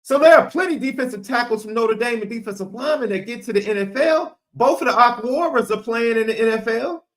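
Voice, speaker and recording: His pitch is extremely high, and he talks quickly with few pauses. A co-host on a sports podcast, he gets animated and emphatic, repeating phrases for effect.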